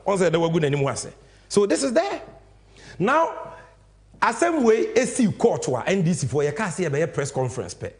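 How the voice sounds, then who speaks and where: A man with a Ghanaian accent hosting a political talk show, giving heated, emphatic commentary and mixing in Twi with English in a TV studio. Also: high voice. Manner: animated, emphatic, switching between Twi and English.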